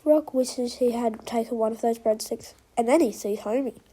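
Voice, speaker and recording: A woman reading a children's storybook aloud in a slow, expressive way. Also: on the high side, a little hiss or hum.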